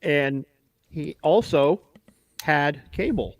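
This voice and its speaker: A man's voice: a little high, lively intonation, slow pace, gravelly, no echo. A middle-aged man, a podcast co-host, telling a story in a profane, casual way and acting out what others said. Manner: profane anecdotes, acting out quotes.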